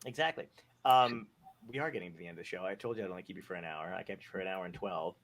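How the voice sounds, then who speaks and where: A man's voice: low voice, very fast, fairly bright tone, no echo. A man hosting a podcast, a comedian rambling in casual chat, self-deprecating and swearing freely.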